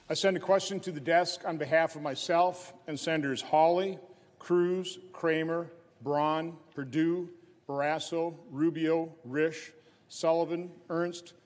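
A man's voice: fairly high pitch, a little mellow. A man speaking as a senator, formally reading out a question and a list of names from a distance in a large chamber. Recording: distant, long chamber reverb.

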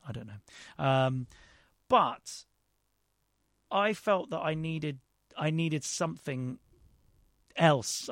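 A man's voice: medium pitch, dry recording. Hesitant man, dry close sound. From London, England. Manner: rambling, hesitant, self-deprecating, with many restarts. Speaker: actor and director guest. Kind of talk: casual interview chat.

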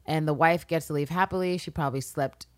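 A woman co-hosting a casual recap podcast, profane and animated, acting out the characters' lines in high voices. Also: fairly quick, no room sound. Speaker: podcast co-host.

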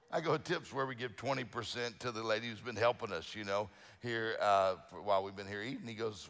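Folksy pastor with a gravelly voice. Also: male voice, medium pitch, fast talker, few pauses, a bit bright, in a large hall. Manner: folksy storytelling, many restarts and fillers. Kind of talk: sermon. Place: church sanctuary.

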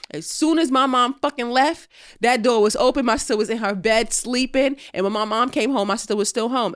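A young woman from New York co-hosting a podcast, telling a family story in casual, profane, animated chat. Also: on the high side, no echo, studio quality. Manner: animated, profane, acts out quotes. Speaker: podcast co-host.

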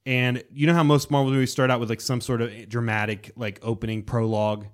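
A man co-hosting a casual podcast chat, excitedly retelling a story and acting out characters and sound effects. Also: mid-range voice, brisk. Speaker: podcast co-host.

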